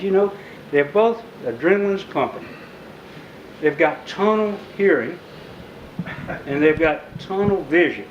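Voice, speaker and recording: A man speaking as an author at a bookstore talk, telling a story vividly to a live audience and acting out the shouted lines. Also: sits high, roomy sound, highs cut off, a little hiss or hum. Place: bookstore event room.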